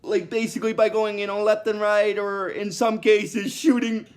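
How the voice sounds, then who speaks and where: A man's voice: sits high, flat delivery, normal speed. A man recapping a cartoon episode in a casual, rambling way, with many restarts and fillers and bursts of giggling.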